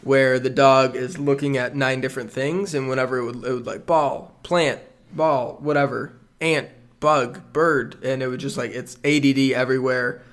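A man hosting a sports podcast, steady and measured as he lays out the show's plan. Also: mid-range voice. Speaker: podcast host.

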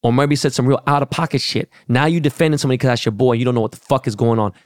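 A man's voice: medium pitch, racing, no room sound, studio quality. A middle-aged man from Los Angeles hosting a podcast, ranting in a blunt, profane, heated way. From Los Angeles, California. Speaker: podcast host. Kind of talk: casual rant.

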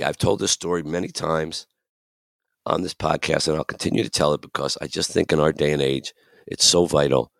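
A man with a deep, gravelly voice hosts a reflective podcast. He talks earnestly and with emphasis, acting out the voices he quotes. The sound is close and dry. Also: brisk, no room sound. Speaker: podcast host.

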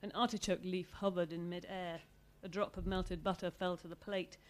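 Woman reading her own novel aloud. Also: lowish voice. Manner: measured, expressive reading. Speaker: author.

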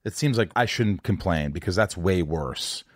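A man hosting a podcast interview talks frankly and confessionally, swearing casually and stumbling into restarts. His low voice is expressive and slightly rough, at a moderate pace. The recording is dry and studio quality.

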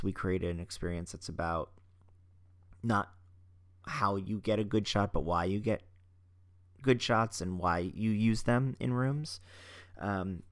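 A man hosts a podcast in a relaxed, chatty way. His voice sits on the low side. He rambles and corrects himself mid-sentence, sounding eager and open. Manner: chatty, warm-hearted, rambling with restarts. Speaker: podcast host; photographer. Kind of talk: casual podcast talk.

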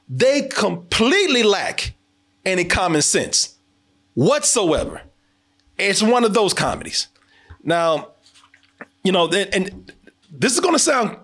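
A young man hosting a casual movie review chat, emphatic and animated, swearing and laughing often. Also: sits high. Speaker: podcast host.

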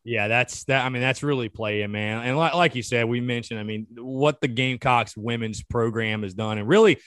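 A man, hosting a podcast in a relaxed, casual chat and often repeating his words. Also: mid-range voice, moderate pace, smooth, no echo. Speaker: podcast host.

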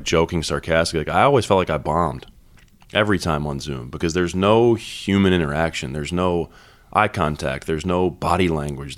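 A man in his thirties, a basketball head coach, talking candidly and reflectively in an interview, with many fillers and restarts. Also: low-pitched.

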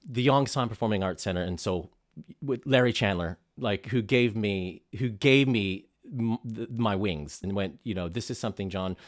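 A man from Chicago hosting a casual panel chat, halting and emotional, often repeating his words. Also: mid-range voice. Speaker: host.

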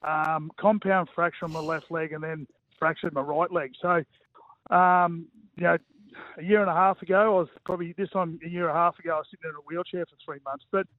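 A man's voice: on the high side, steady tone, brisk, no room sound. A man in his forties with an Australian accent, a former footballer chatting casually as a radio guest over the phone, self-mocking and full of fillers. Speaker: guest, former rugby league player. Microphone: phone call. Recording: tinny phone line, dry.

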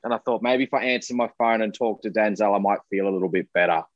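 A man's voice: on the low side, fast talker, no room sound, muffled recording. A man, a musician speaking candidly as an interview guest, open and earnest, with casual swearing. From Australia.

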